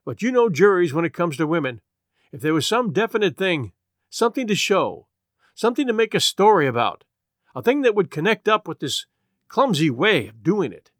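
A man's voice: sits high, very animated, moderate pace, a bit bright, no room sound, clean studio sound. A man reading aloud voices a confident county attorney who speaks in an incisive, dismissive manner. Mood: brisk.

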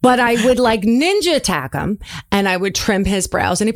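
A woman hosting a podcast, chatty and animated as she asks questions and tells stories. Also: medium pitch, moderate pace. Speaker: podcast host. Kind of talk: casual podcast interview.

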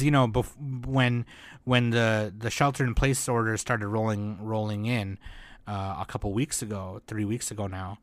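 A man's voice: fairly low pitch, a bit bright, dry recording. A man hosting a podcast, giving a heartfelt, rambling update to his listeners while close to tears, with frequent restarts and casual swearing. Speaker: podcast host. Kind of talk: emotional solo update to listeners.

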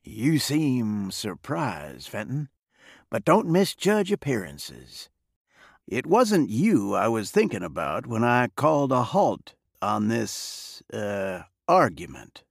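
A man's voice: mid-range voice, huge pitch swings, slow, vocal fry, breathy edge, dry recording, clean studio sound, heavily acted. A man voicing a cool, sarcastic gang boss in a western story, with an ironic drawl.

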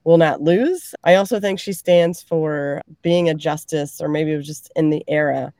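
A woman panelist on a roundtable podcast, speaking in a thoughtful, measured way. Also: low voice, dark tone, no echo, studio quality. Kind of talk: casual roundtable podcast chat.

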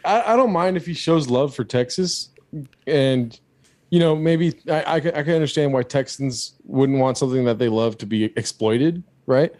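A man from California hosts a casual podcast chat, talking in heated rants full of swearing. His voice sits in an ordinary middle pitch. The sound is dry and close, with no room around it. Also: normal speed, darkish tone, no room sound. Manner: profane, heated ranting. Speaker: podcast host.

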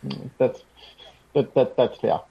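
A man's voice: mid-range voice, fairly even intonation, slow, creaky, muffled recording, a little hiss or hum. A man playing in a tabletop game, giggly and playful. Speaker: player. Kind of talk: casual tabletop chat.

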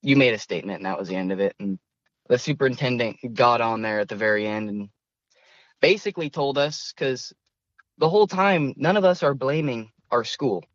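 A man's voice: mid-range voice, lively intonation, brisk, no room sound, highs cut off. A young man, a student guest in an interview, speaking earnestly and somewhat hesitantly. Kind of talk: conversational interview.

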